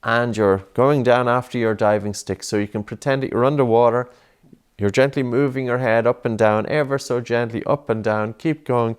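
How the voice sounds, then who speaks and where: A man coaching a child through breathing exercises, patient and encouraging, with many gentle repeated prompts. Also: mid-range voice, smooth.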